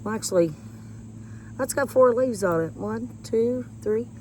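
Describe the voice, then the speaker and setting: Her voice is a little high with a darkish tone, and she speaks unhurriedly while pulling weeds outdoors by a porch. This vlogger rambles to her viewers in a casual, folksy style, coughing a bit from a chest infection, over slight background noise.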